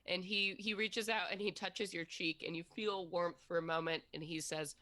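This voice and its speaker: A woman narrating a tabletop role-playing game as game master, telling the scene in a gentle storytelling way. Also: lowish voice, fairly even intonation, moderate pace, few pauses.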